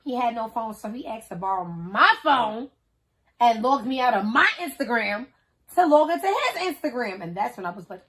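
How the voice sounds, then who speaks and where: Animated woman telling a wild story. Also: fairly high pitch, normal speed. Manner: animated, slangy, acts out the people in her story. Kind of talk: casual storytime. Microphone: camera on a tripod.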